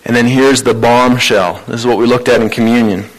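A man's voice: mid-range voice, fairly even intonation, a little fast, rough recording. A man preaching a sermon in a conversational, informal way. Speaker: pastor.

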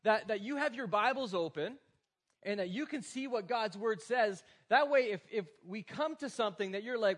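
A man's voice: high-pitched, lively intonation, normal speed, a bit bright. A man in his forties preaching a sermon as pastor, in a casual, joking, conversational way.

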